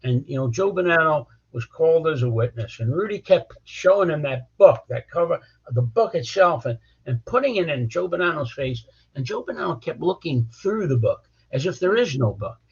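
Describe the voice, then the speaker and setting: A man's voice: a little high, sing-song, normal speed, husky. An older man, a criminal defense lawyer, telling stories bluntly in an interview, often repeating words as he starts a sentence. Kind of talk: storytelling interview. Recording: dull lo-fi audio.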